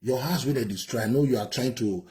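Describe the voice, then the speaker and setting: A man's voice: mid-range voice, fairly quick, dark tone. A Nigerian man giving heated, indignant commentary, ranting and repeating himself.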